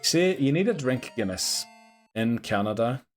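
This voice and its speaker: A man's voice: mid-range voice, expressive, unhurried, soft background music. A man with a Northern Irish accent chatting casually and rambling with easy jokes while streaming a game. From Northern Ireland. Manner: rambling, joking, chuckles often. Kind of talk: casual live-stream chat.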